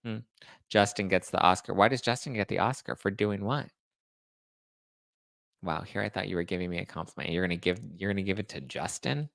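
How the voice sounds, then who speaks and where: A man hosting a pop culture live stream, chatting casually with his viewers and tossing out sarcastic asides. His voice sits fairly low with a gravelly, fry-heavy edge. The sound is dry and close. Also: fairly even intonation, brisk, fairly bright tone, no echo. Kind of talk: casual live-chat commentary.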